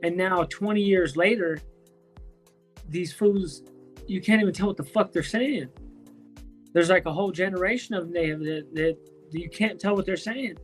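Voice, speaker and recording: A man chatting casually on a home live stream, loose and profane, full of slang and restarts, high from smoking weed. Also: moderate pace, pauses often, faint music behind. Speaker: streamer talking to chat. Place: at home, indoors.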